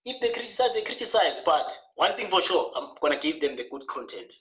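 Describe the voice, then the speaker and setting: A man talking as the guest author on a video call, animated and laughing, repeating words for emphasis. His voice is bright and a little high. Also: fairly quick, poor audio. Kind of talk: online interview chat.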